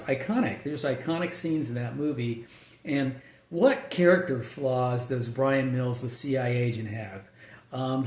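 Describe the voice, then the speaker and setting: A man's voice: medium pitch, a little mellow. A male screenwriter talking casually about his writing process, rambling with lots of fillers and restarts. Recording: echoey room.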